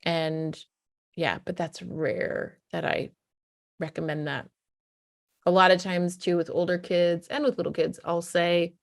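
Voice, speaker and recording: A woman's fairly low, gravelly voice holds a steady tone and moves a little slowly. She's a parenting coach chatting to camera, giving emphatic, conversational advice and voicing what a parent might tell a child. The sound is dry and studio-clean.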